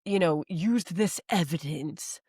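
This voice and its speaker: Lowish-voiced woman chatting at home, dry close mic, lots of "like"s. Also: takes it slowly, darkish tone, breathy edge, no echo. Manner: chatty, agreeing, laughs often. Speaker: co-host, wife. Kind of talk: casual chat.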